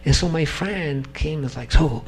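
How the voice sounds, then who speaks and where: Man with a raised voice, English as a second language, lively personal storyteller, halting delivery; guest speaker at a devotional gathering. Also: fairly high pitch, breathy edge. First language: not English. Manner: animated, acts out dialogue in story; halting, restarts sentences.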